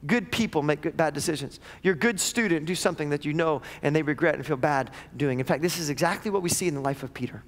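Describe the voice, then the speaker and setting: A man's voice: a little high, quick pace, hardly any pauses. A male pastor preaching a sermon to his church, emphatic and asking question after question. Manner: emphatic, repeats questions, acts out voices he quotes. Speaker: lead pastor. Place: church sanctuary. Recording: long reverb of a church hall.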